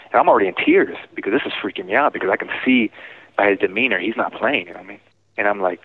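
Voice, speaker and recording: A man's voice: lowish voice, very fast, dry recording. A man recounting his past over the phone, hesitant and restarting his sentences often. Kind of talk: phone interview. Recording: tinny prison phone line.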